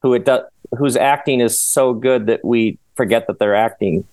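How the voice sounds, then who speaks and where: A man talking as a podcast guest, rambling and animated, often laughing as he goes. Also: medium pitch, moderate pace, dry recording. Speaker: author and guest. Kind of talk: casual podcast conversation.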